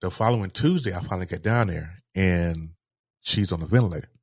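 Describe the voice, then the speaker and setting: A man telling a personal story in an interview, halting and repeating words as he speaks with grief. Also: low voice, a little mellow, no echo, clean studio sound. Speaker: guest.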